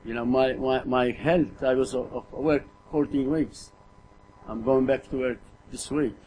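An earnest middle-aged man delivers a sermon at a mid-range pitch, often stumbling over and repeating his words. He keeps putting rhetorical questions to his congregation. A faint noise sits under the recording. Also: fairly even intonation, unhurried, a little mellow, poor audio. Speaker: preacher.

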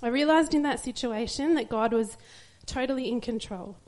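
A young woman speaks at church about becoming a mother. Her voice sits a bit high and wavers with tears. She keeps laughing softly through the crying. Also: moderate pace. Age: young adult. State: tearful. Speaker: young mother giving a testimony. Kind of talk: church testimony.

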